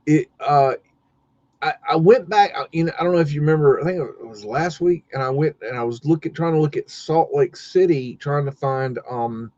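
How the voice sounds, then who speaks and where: A man's voice: a little high, normal speed, a little mellow, no room sound. A man chatting casually on a livestream, hesitant, with many fillers and restarts. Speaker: podcast co-host. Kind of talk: casual livestream chat while browsing maps. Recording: dull lo-fi stream audio.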